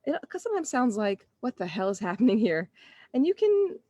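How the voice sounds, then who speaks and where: A woman's voice: on the high side, very animated, brisk, dark tone. A woman, maybe in her thirties, talking earnestly and conversationally to parents in a live online session, often restarting her sentences and acting out her own inner thoughts. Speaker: parenting coach.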